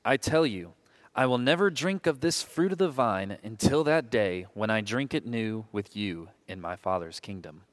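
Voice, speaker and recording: Man reading scripture with lively pitch. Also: moderate pace. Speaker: scripture reader. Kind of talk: liturgical group reading.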